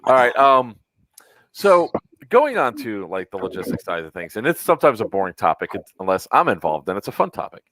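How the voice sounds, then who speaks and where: A man from Florida with a lowish voice, talking casually on a podcast. He teases and jokes, and he rambles with plenty of fillers. The sound is dry and close. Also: big pitch swings, brisk, fairly bright tone, no room sound. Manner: joking, teasing, rambling with fillers. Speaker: podcast co-host. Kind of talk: casual chat.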